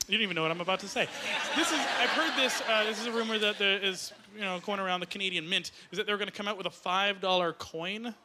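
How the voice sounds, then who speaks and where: A man performing an excitable, jokey stand-up comedy set on stage with a handheld mic, his voice rising to shouts. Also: sits high, fast. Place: comedy stage before a live audience. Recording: loud live audience noise.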